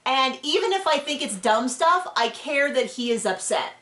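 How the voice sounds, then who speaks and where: A woman's voice: high voice, expressive, moderate pace, a bit bright. Woman podcast host, casual and opinionated, lots of restarts, kinda echoey room. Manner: opinionated, chatty, with frequent restarts. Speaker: podcast host recapping a reality show. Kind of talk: casual chat. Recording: roomy echo.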